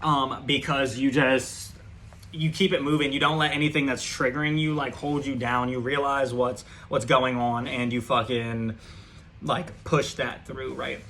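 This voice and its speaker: A man's voice: mid-range voice, level tone, measured pace, a bit bright, slight background noise. A man giving a casual tarot reading, talking loosely and swearing often, with many fillers and restarts. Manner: loose and profane, heavy with fillers. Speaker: tarot reader.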